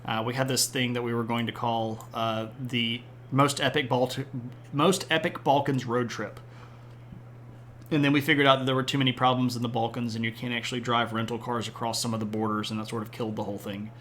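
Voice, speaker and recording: A man's voice: medium pitch, level tone, brisk, fairly bright tone, a little hiss or hum. A man with an everyday mid-range voice talks through history in a loose, conversational way. He rambles and makes friendly asides to his viewers between points. He grew up in the Southern United States. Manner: rambling, chatty, responds to chat with asides. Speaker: history streamer. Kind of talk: casual live-streamed history lecture.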